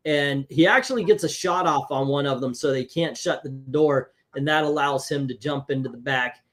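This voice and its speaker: A man hosting a casual comic book review chat, talking in an animated, chatty way and laughing easily. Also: on the high side. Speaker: comic book show host.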